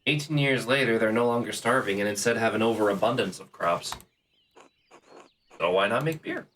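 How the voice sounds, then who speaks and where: A man's voice: fairly low pitch, expressive, normal speed, fairly bright tone, slight background noise. A man streaming a video game, chatting casually and reading characters' lines aloud in his own voice.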